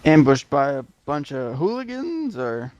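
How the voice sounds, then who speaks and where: A man's voice: fairly high pitch, big pitch swings, measured pace, darkish tone, muffled recording, slight background noise. A man playing a tabletop role-playing game, talking in a hesitant, questioning way. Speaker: player. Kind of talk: tabletop role-play chat.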